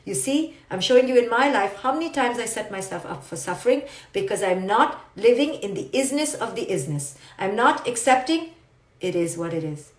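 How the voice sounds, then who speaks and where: A woman's voice: a little high, lively intonation, moderate pace. Woman, motivational speaker, emphatic and repetitive, roomy echo. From India. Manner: emphatic, repetitive mantras, rhetorical questions. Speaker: psychologist giving a motivational talk. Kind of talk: livestreamed motivational talk. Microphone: phone or webcam.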